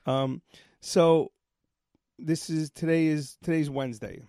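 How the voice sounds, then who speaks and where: A man co-hosting a podcast, telling a story in a profane, animated rant. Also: on the high side, slow, no echo, studio quality. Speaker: podcast co-host. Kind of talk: casual ranting chat.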